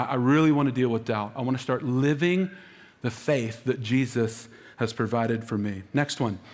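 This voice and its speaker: Energetic man preaching in a hall. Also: medium pitch. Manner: energetic, calls for congregation responses. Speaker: lead pastor. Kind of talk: sermon. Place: large church auditorium. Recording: long hall reverb.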